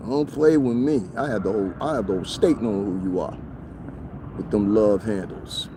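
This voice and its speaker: A livestreaming vlogger with a fairly low voice rants casually to viewers beside a street, mocking and combative and frequently laughing. He talks at a moderate pace over background noise.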